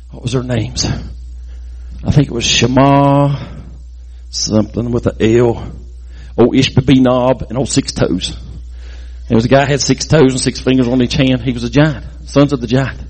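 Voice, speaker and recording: Husky man retelling a Bible story. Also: medium pitch. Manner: animated, folksy, with sound effects.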